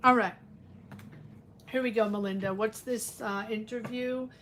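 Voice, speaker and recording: A woman's voice: fairly high pitch, fairly even intonation, measured pace, slight background noise. A woman giving a live-stream tarot reading, chatty and reassuring, thinking aloud with lots of fillers. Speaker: tarot reader.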